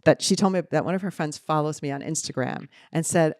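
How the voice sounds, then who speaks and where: A woman's voice: low-pitched, brisk, dry recording, studio quality. A middle-aged woman with a New Jersey accent, chatting emphatically as a podcast co-host. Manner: animated, emphatic, talks over others. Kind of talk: casual chat.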